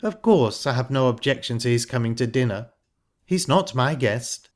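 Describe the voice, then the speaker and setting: A man voicing a calm, sharp-tongued young woman who speaks in a pointed, ironic way. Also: medium pitch, moderate pace, lightly acted. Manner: cool, pointed and cutting.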